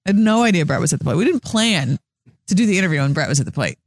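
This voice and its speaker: A woman's voice: fairly low pitch, big pitch swings, very fast, dry recording. Young woman reporter chatting earnestly, lots of likes, dry close sound. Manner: earnest, chatty, many "like" fillers, acts out quotes. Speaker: sports TV reporter, interview guest. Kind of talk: casual interview storytelling.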